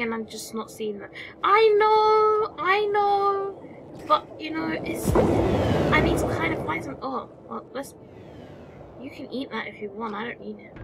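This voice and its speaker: A woman's voice: high voice, heavy background noise. A woman giving casual let's-play commentary, chatty, talking to the game creatures, exclaiming and muttering as she plays. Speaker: gameplay commentator. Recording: music playing behind the voice.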